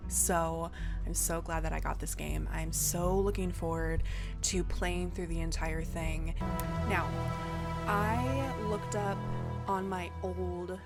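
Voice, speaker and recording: A woman giving excited, chatty gameplay commentary, often using fillers as she talks through her choices. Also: on the low side. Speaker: let's-play gamer. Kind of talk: gaming playthrough commentary.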